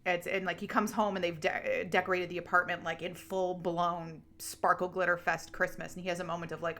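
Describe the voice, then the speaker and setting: A woman's voice: fairly low pitch, brisk, few pauses. A woman hosting a podcast, gushing about a book in casual chat and reading the show's plugs. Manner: gushing, animated, casual profanity. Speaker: podcast host.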